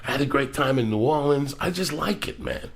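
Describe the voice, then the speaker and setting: A middle-aged man hosting a podcast, telling rambling, profane stories in a loud, animated way. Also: mid-range voice, fairly quick, gravelly. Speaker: podcast host. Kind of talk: casual podcast chat.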